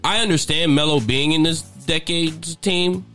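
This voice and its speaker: A man's voice: fairly high pitch, a little slow, sharp tone, soft background music. A man in a casual sports debate, arguing loosely with lots of "like" fillers.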